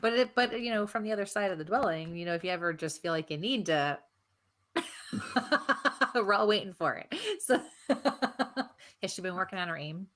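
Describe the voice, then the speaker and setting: A woman's voice: on the low side, animated, normal speed, pauses often, a bit bright. A woman from the United States hosting a live psychic Q&A stream, chatty and teasing, laughing often. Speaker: psychic medium co-host.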